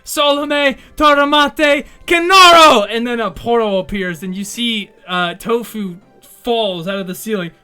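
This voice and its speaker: A man's voice: high-pitched, fairly even intonation, normal speed, fairly bright tone, faint music behind. A man narrating a tabletop game as game master, casual and peppered with swearing and fillers.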